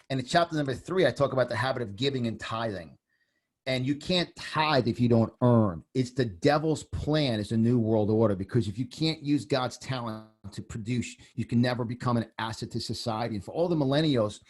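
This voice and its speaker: Intense New York man in his fifties. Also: mid-range voice. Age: 50s. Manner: intense, emphatic, repeats phrases. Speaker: podcast guest. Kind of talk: impassioned political talk.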